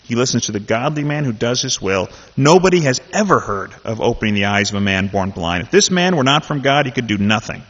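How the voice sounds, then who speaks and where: A man's voice: medium pitch, very animated, fairly quick, few pauses, a bit bright. A man leading a Bible study, talking casually and then reading a scripture passage aloud with animation. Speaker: Bible teacher. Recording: dull sound in a reverberant hall.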